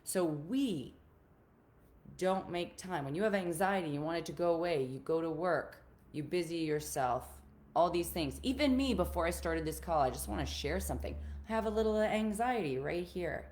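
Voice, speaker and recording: A woman's voice: fairly low pitch, expressive, moderate pace, a little mellow, slight background noise. A woman relationship coach talking casually on a live stream to her group, earnest and encouraging, often repeating her key points.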